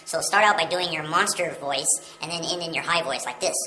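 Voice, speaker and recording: A woman's voice: low voice, a little fast, sharp tone, slight background noise. A woman giving a casual video lesson on yodeling, explaining step by step in a friendly, plain way. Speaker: yodeling teacher. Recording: roomy echo with music behind.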